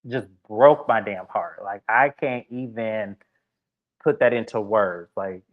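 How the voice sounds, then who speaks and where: A man's voice: lowish voice, slow, narrow, tinny audio. A man hosting a casual reality TV recap, animatedly retelling scenes and voicing the cast's lines.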